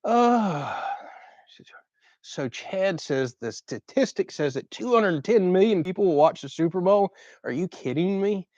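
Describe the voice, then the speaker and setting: A man with a deep Southern Florida drawl, casually reading and answering viewers' questions on a livestream. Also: a little slow, dry recording, dull audio. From Southern United States. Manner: relaxed, reads viewer questions aloud and chats. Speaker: co-host of a channel livestream.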